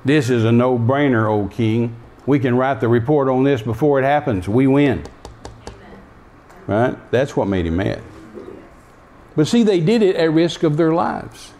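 A man's voice: medium pitch, lively intonation, measured pace, darkish tone. A man preaching a sermon, emphatic and repetitive, acting out the voices in the story. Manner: emphatic, repeating key phrases; acts out the story's speakers.

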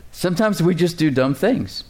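A man's voice: on the high side, lively intonation, slow, darkish tone. A man preaching a sermon as pastor, conversational and joking, building up emphasis in places.

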